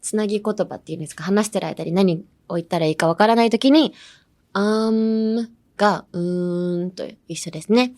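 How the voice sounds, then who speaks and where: A woman's voice: lowish voice, rapid-fire, hardly any pauses, a little mellow. A young woman from California, teaching English pronunciation in a bubbly way and switching between English and Japanese. She uses lots of "um" and "like" fillers. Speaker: podcast English teacher and idol. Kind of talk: casual English pronunciation lesson.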